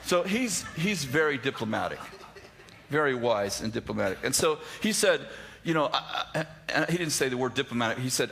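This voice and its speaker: A man with a bright, forward voice tells a story from the pulpit. He mocks himself, acts out both sides of a conversation, and stumbles through quick restarts. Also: medium pitch, lively intonation, creaky, slight background noise. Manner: anecdotal, self-deprecating, acts out dialogue, many restarts. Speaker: pastor. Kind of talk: sermon storytelling.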